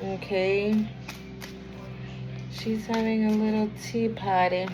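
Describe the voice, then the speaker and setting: Slow, chatty woman giving a card reading. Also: mid-range voice, flat delivery, over music, rough recording. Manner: rambling and chatty, encouraging the viewer. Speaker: tarot and oracle card reader. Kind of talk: casual spiritual card reading to camera.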